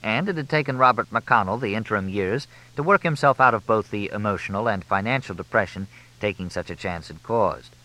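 A man reading a comic mystery novel aloud in a crisp, expressive way. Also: lowish voice, brisk, poor audio. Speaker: audiobook narrator. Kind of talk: audiobook narration of a comic mystery.

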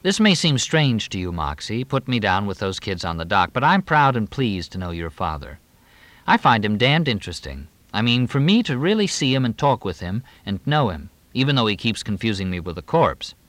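A man's voice: fairly low pitch, very animated, moderate pace, a bit bright, no room sound. A man reading an audiobook, voicing a wry, easygoing man in close to his own voice.

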